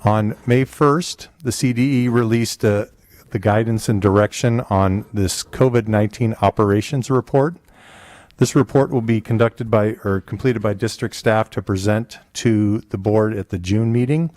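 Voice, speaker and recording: A man presenting a school district report at a board meeting, halting often with restarts and fillers. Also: fairly low pitch, fairly even intonation, a little mellow, no room sound.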